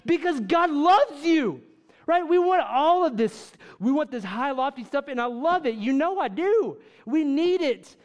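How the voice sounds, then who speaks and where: High-voiced fervent male preacher. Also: expressive, unhurried, highs cut off. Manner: fervent preaching full of rhetorical questions. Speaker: pastor. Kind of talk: sermon. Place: church with congregation.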